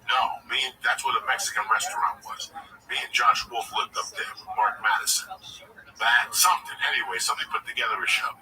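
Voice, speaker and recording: A man's voice: mid-range voice, lively intonation, brisk, sharp tone. A man, a comedian, telling a rambling, profane story in casual chat. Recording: distant mic with background noise.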